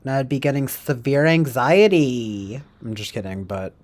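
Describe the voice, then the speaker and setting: A man's voice: mid-range voice, animated, moderate pace. A man casually chatting on a livestream, rambling and joking as he reads out viewer comments. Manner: rambling, jokey, reads out chat comments in mock voices. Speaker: livestream host.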